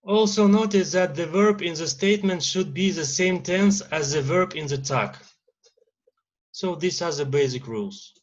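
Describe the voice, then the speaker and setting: A man with a Russian accent teaching an English grammar lesson, pausing often with "uh" fillers. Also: on the high side, lo-fi sound. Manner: lecturing with many uh fillers and pauses.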